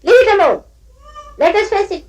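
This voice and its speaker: A woman's voice: very high-pitched, very animated, moderate pace, a little mellow, poor audio. An older woman teaching at a spiritual gathering, scolding her listeners playfully and often breaking into laughter as she mimics them.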